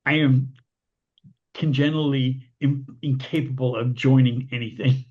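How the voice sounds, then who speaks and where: A man hosting a casual interview and chatting in a relaxed, conversational way. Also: medium pitch, moderate pace, breathy edge. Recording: dull lo-fi audio.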